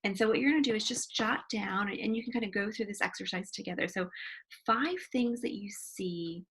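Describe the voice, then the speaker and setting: A woman counselor leading a guided wellness exercise from her home office, gently counting aloud and demonstrating sighs. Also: mid-range voice, fairly quick, breathy edge.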